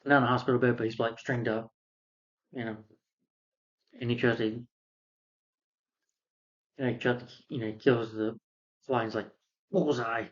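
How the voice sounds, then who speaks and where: A man's voice: mid-range voice, little pitch movement, normal speed, long pauses. A man giving a casual spoken film review, retelling the plot in a rambling, repetitive way. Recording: dull, muffled lo-fi sound.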